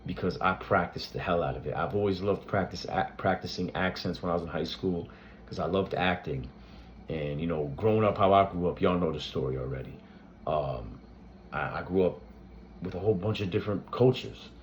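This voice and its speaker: A man's voice: low-pitched, brisk, dull audio, a little hiss or hum. A man hosting his own reaction channel, talking loosely with lots of fillers and restarts. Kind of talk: casual tribute talk to camera.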